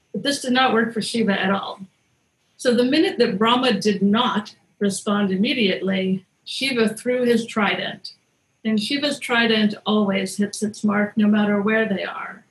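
Telling a myth with a playful, knowing wink, this podcast storyteller keeps things as casual as a conversation with friends. She speaks a little slowly in a medium-pitched voice, and the recording is rough.

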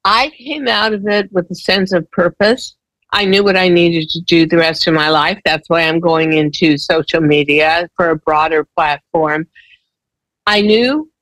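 Candid, emphatic woman with a lower voice. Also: a bit bright, dry recording, rough recording. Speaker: guest. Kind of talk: personal storytelling in a conversation.

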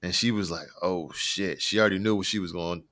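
A man's voice: deep voice, steady tone, racing, a bit bright. Man telling rambling, profane stories. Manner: rambling, profane, slangy storytelling. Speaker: podcast co-host. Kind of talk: casual podcast chat.

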